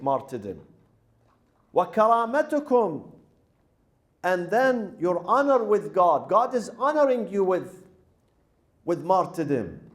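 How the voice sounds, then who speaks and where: A man with a notably high-pitched voice preaches a mourning sermon. He retells the story with strong emotion and slips into chanted Arabic lines.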